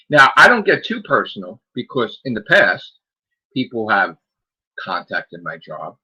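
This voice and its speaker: A man's voice: mid-range voice, expressive, unhurried, pauses often, slightly rough, lo-fi sound. A man hosting a gaming podcast, ranting defiantly and sarcastically, firing off rhetorical questions. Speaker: podcast host. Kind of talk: solo rant on a gaming podcast.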